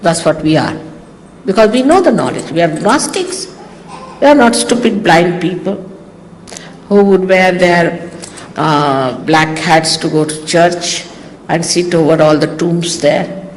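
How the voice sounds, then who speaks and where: Older woman, Indian accent, spiritual teacher, teasing and animated delivery, lively pitch, old hall recording with faint hiss. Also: unhurried. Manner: teasing, animated, acts out quoted exchanges. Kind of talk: informal talk to followers.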